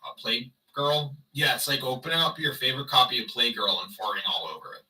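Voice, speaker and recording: A man's voice: medium pitch, brisk, bright, forceful tone, far from the mic, low-quality recording. A man livestreaming in casual chat, rambling and sarcastic as he talks to his viewers.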